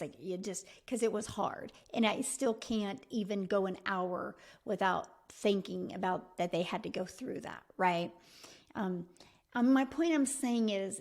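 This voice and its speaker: A woman's voice: medium pitch, a little slow, darkish tone. A middle-aged woman giving a motivational coaching talk as a business mentor, emphatic and repetitive, speaking straight to the listener.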